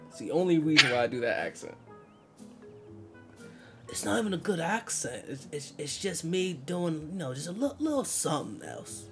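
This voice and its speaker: A man's voice: fairly high pitch, big pitch swings, normal speed. A man hosting a casual live stream, playful and self-mocking, laughing often. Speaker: streamer host. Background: background music.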